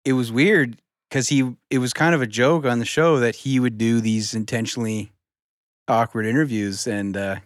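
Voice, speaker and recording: A man's voice: mid-range voice, fairly even intonation, normal speed, no echo, studio quality. A man co-hosting a podcast, cracking jokes and rambling through explanations in casual chat. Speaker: podcast co-host. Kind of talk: casual chat among friends.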